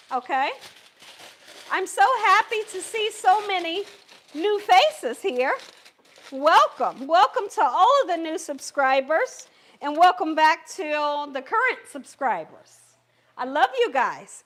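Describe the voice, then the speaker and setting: A woman's voice: high voice, a bit bright. A woman hosting a live cooking stream from her home kitchen, chatty and encouraging, talking straight to her viewers. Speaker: cooking channel host.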